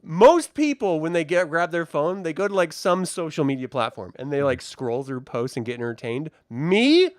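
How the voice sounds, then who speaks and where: A man's voice: fairly high pitch, very animated, normal speed, hardly any pauses, no room sound, clean studio sound. A man co-hosting a casual podcast, sarcastic and profane, often slipping into mocking voices. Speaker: podcast co-host. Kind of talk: casual chat.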